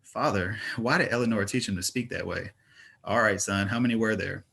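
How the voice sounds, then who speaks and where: A man's voice: on the low side, a little fast, vocal fry, a bit bright, breathy edge, exaggerated voice. A man reading a mock-stern young dad. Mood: playful. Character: twenty-year-old father, joking and flustered.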